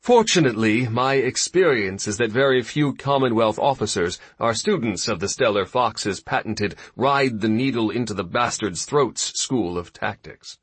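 A man voicing a seasoned male fleet admiral who speaks in a measured, wry way. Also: on the low side, lively intonation, husky, no echo.

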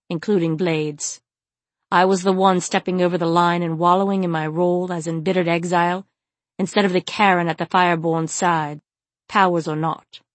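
A woman reading the part of a stern male djinn warrior, speaking quietly and grimly. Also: on the low side, dry recording, natural voice. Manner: quiet and grim. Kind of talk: audiobook character reading.

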